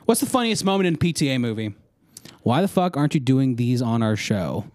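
A man's voice: mid-range voice, lively intonation, brisk, a little mellow, dry recording. Rambling, laughing man in a dry room. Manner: rambling, laughing often, restarts. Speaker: podcast host. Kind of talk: casual chat.

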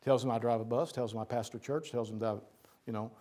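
A man's voice: mid-range voice, steady tone, quick pace, mellow. An older man who is a pastor, preaching a sermon to his church in an earnest way, often repeating words as he lists points. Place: church sanctuary.

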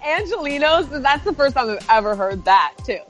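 A woman's voice: high voice, big pitch swings, normal speed, fairly bright tone, soft background music, poor audio. A woman co-host doing a sponsor read as playful banter, teasing and laughing often. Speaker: podcast co-host reading an ad.

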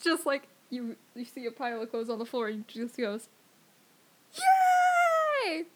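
A woman's voice: fairly high pitch, steady tone, a little fast, noisy background. A young woman chatting casually as co-host, exasperated and swearing often. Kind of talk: casual chat.

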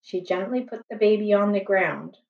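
A woman reading a children's chapter book aloud in a slow, gentle, expressive way. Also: medium pitch, creaky. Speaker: storybook reader. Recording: echoey room, distant, slightly dull.

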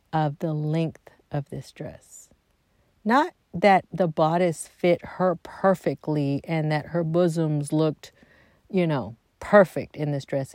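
A middle-aged woman casually tells a personal family story, chatty and animated, acting out quotes and slipping into soft asides. Her voice is low and creaky, with no echo.

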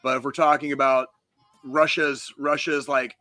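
A man's voice: mid-range voice, little pitch movement, normal speed, bright, forceful tone, no echo, faint music behind. A man co-hosting a podcast in casual chat, ranting heatedly with heavy swearing and frequent restarts. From United States. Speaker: podcast co-host.

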